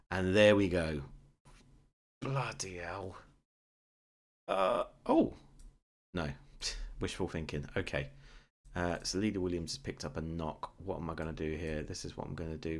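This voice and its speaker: Low-voiced man, excitable game commentary. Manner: excitable, swings between muttering and shouting. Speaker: gaming YouTuber.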